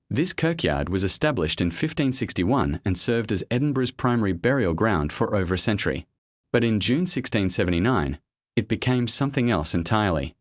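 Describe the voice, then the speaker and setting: A man giving grave, measured scripted documentary narration, often posing rhetorical questions. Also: fairly low pitch, no room sound.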